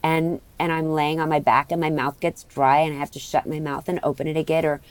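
Low-pitched american woman rambling on as a guest, lots of restarts. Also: little pitch movement, a little fast. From United States. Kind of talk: candid interview chat.

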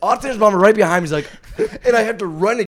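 A man's voice: sits high, fast talker. A man in his thirties from Hawaii, a podcast guest and coach, telling a story casually and laughing often. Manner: animated storytelling, breaking into laughter.

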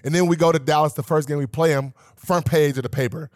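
A man in his thirties, a guest in a casual interview, telling a story in a relaxed way. He swears freely, acts out what others said, and laughs as he talks. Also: on the high side, fast, no echo, studio quality. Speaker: guest, professional athlete.

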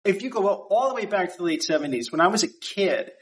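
A man's voice: high-pitched, big pitch swings, fast talker. A man in a casual chat, telling a memory in a rambling way and breaking into his own sentences. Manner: rambling, self-interrupting.

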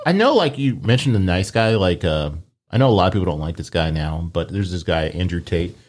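Brief: male host, low voice, animated and blunt talker. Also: fairly quick. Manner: opinionated, loose, swears freely. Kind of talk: casual chat.

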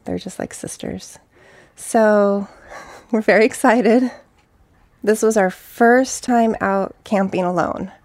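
A woman eyewitness reading from her journal in a hushed, halting way that drops to breathy whispers, then talking casually at home. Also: medium pitch, no echo. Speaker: eyewitness guest.

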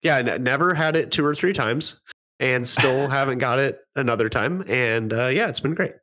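A man's voice: mid-range voice, normal speed, sharp tone. A man co-hosting a casual podcast, making wry jokes and laughing along, speaking into a microphone over a call. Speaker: podcast co-host. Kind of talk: casual chat. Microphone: remote call microphone.

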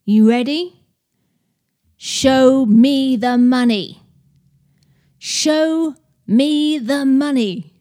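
A woman's voice: a little high, a little slow, dark tone, lightly acted. A woman reading out the lines of a brash, fading male football star in her own plain voice, without putting on an accent. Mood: emphatic.

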